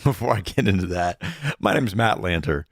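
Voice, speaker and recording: A man's voice: low voice, animated, normal speed, dry recording. A man in his thirties co-hosting a casual podcast from a home studio, joking around and rambling with fillers. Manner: playful, jokey, rambling with fillers. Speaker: podcast co-host. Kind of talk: casual chat.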